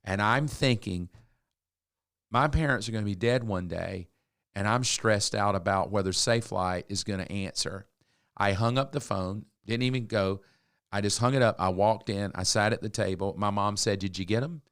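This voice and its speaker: A man's voice: on the low side, moderate pace, dry recording, clean studio sound. A man, co-hosting a podcast and telling a story, acting out the lines of the people in it. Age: 60s. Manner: animated storyteller, acts out quotes. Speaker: podcast co-host. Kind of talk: casual storytelling chat.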